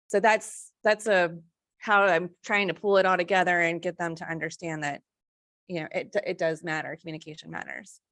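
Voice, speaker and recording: A woman's voice: lowish voice, fairly even intonation, brisk, a bit bright, no echo, clean studio sound. A woman speaking as a faculty fellow on a panel, in a conversational way with many fillers and self-corrections.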